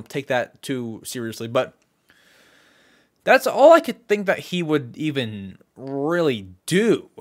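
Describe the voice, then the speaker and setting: A young man hosting a casual solo podcast, talking excitably and rambling, with lots of repeated words and restarts. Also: fairly high pitch. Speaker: podcast host.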